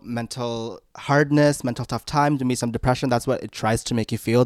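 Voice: medium pitch, clean tone, no echo, clean studio sound. A podcast co-host reading out listener messages in an upbeat, playful and encouraging way. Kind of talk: casual chat.

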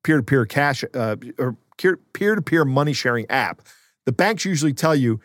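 A man co-hosting a podcast in relaxed, loose conversation, his speech dotted with fillers and laughs. His voice sits at a middling pitch. The recording is dry and close. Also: moderate pace, no room sound. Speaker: podcast co-host. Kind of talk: casual chat.

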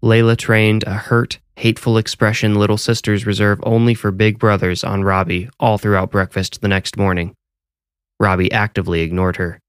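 A male storyteller reads a scripted horror tale in a low voice. His delivery is measured and deliberate. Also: little pitch movement, clean tone, no room sound, clean studio sound.

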